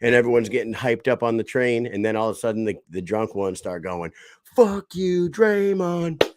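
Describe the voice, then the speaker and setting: A man, co-hosting a casual podcast and telling stories in a loud, profane, animated way. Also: fairly low pitch, quick pace, noisy background. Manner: boisterous, swears freely, animated storytelling. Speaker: podcast co-host.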